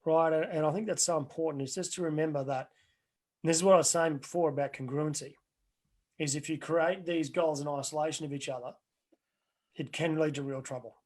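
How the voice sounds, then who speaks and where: Middle-aged male coach, earnest and rambling, voice sits a touch high. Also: fairly even intonation, fairly quick. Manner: earnest, rambling with restarts and anecdotes. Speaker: life coach. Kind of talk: webinar Q&A answers.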